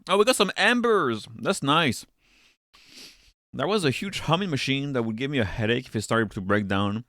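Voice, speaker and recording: A man's voice: mid-range voice, lively intonation, normal speed, long pauses, pushed and bright, no room sound. Dry-miked man rambling on a stream. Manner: rambling, profane, chats with viewers while working. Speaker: streamer and teacher. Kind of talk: casual live-stream chat.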